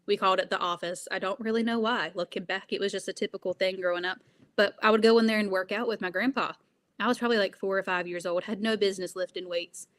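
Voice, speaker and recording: A woman's voice: mid-range voice, fairly even intonation, quick pace, fairly bright tone. A young woman being interviewed, speaking earnestly, with frequent laughs and fillers. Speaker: guest. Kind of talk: interview conversation.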